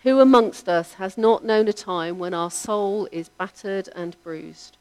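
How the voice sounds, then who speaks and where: A woman preaching a sermon, in a measured, reflective delivery whose line ends trail off softly. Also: mid-range voice.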